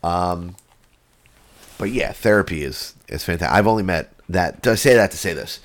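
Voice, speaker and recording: Deep-voiced man telling stories. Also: normal speed. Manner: animated storyteller, swears a lot, acts out quotes. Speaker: podcast co-host. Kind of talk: casual chat.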